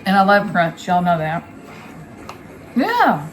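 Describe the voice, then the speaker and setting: A woman hosting a home cooking vlog. She chats warmly and directly to her viewers and raves about the food. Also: lowish voice, huge pitch swings, slow, slight background noise. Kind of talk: casual cooking vlog chat. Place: home kitchen.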